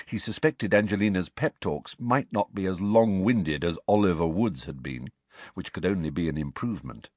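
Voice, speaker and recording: Expressive male audiobook narrator. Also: deep voice, normal speed, dry recording. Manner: expressive storybook reading, voicing each character. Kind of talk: scripted narration.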